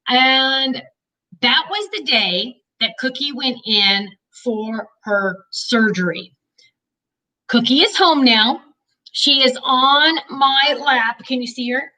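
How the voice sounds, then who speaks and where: A middle-aged woman talks casually and rambles warmly to her viewers. Her voice is bright and a little high. She sounds a bit away from the microphone. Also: animated, slow pace, recorded from a distance, rough recording. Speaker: vlogger. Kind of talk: chatty personal vlog.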